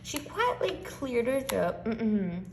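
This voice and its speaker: Female storybook reader, expressive, faint hum behind. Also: mid-range voice, measured pace. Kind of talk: reading a children's picture book aloud.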